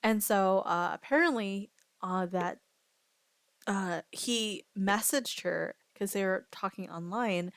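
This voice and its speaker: A woman streamer tells a meandering story in casual chat, stopping and restarting with plenty of fillers. Her voice sits at a middling pitch and sounds close and dry. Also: slow pace, no echo.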